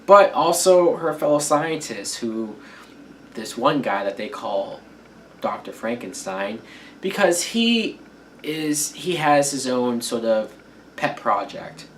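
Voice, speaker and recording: A man's voice: mid-range voice, animated, takes it slowly, a little hiss or hum, rough recording. A man giving a casual spoken film review, talking candidly and in a rambling way, with some swearing. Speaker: movie reviewer.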